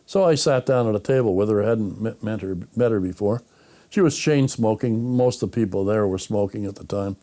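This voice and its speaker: Speaking fairly quickly in a warm, lowish voice, an older man from Canada tells stories as an interview guest. His storytelling is anecdotal, and he voices the remembered dialogue himself.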